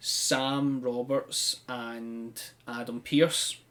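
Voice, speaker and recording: A man's voice: medium pitch, level tone, extremely slow, a bit bright. A man, casually recapping events on a podcast with frequent "um" and "like". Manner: chatty storyteller with frequent "um" and "like". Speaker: podcast co-host. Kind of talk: casual chat, recapping a wrestling show.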